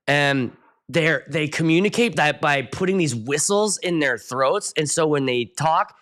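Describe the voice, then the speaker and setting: A man from the Pittsburgh area who works as a wedding DJ, hosting a casual live stream and rambling excitably from topic to topic. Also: a little high, measured pace. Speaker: wedding DJ and show host.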